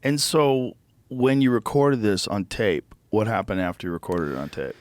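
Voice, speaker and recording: A man's voice: lowish voice, moderate pace, no echo. A man hosting a podcast, asking short, curious follow-up questions in casual conversation. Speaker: podcast host. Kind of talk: casual interview.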